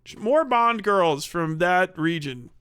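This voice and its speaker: Bright, profane middle-aged male streamer. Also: sits high, expressive, slow, smooth. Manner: profane, rambling, laughs often. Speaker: live streamer. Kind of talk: casual stream chat reading donations.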